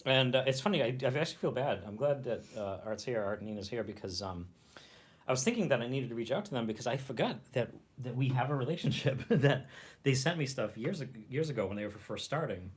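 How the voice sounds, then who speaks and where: A man hosting a casual livestream, rambling, clearing his throat and chewing as he talks. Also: mid-range voice, expressive, quick pace. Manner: rambling, clears throat, chews while talking. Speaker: livestream host reviewing rations.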